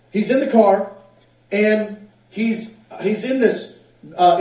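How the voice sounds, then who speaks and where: A man with a fairly high voice preaches with animated storytelling. He is picked up from a distance in a very echoey hall. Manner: animated storyteller, acts out quotes. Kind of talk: sermon storytelling.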